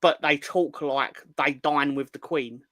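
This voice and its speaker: A London man with a bright, forward voice and a slightly high pitch co-hosts a football podcast. He rambles and jokes, drifting between tangents and viewer comments. The sound is close and dry, with no room around it. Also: steady tone, unhurried, dry recording. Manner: rambling, joking, reads viewer comments aloud. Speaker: podcast co-host. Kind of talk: casual football podcast chat.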